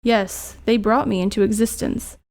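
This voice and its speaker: A woman reading game dialogue as a gentle, apologetic spirit of a young man, speaking soft and solemn. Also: mid-range voice, steady tone, moderate pace, creaky, lightly acted.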